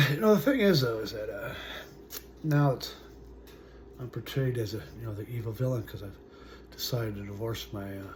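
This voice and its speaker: A man in his forties telling his own story as a vlogger, halting and full of fillers, his sentences often trailing off quietly. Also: mid-range voice, slight background noise. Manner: halting, full of "uh" and "you know", trailing off softly. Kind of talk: personal storytelling to camera.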